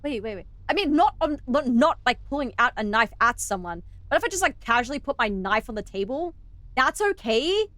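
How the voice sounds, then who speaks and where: A woman's voice: on the high side, big pitch swings, fairly quick, a bit bright, dry recording. An Australian woman streaming a game, chatting with viewers in a joking way and laughing often. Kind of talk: casual gameplay chat.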